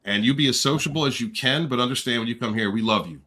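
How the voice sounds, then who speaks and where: An effusive male livestream host with a bright, energetic voice. He chats casually, greets viewers by name and teases them playfully. His middle-range pitch stays friendly and direct. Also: fast. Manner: effusive, affectionate shout-outs to chat viewers; playful flirting and joking.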